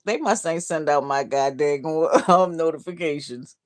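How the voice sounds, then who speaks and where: A middle-aged woman with a low-sitting voice hosts a livestream at a measured pace. Downcast and heartbroken, she reads comments out bluntly, swearing and laughing.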